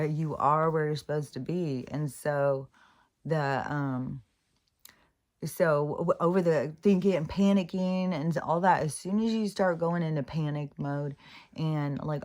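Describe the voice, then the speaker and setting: A female vlogger muses aloud in a casual reflection, halting and rambling, often restarting and swearing. Her voice is deep with a darkish tone.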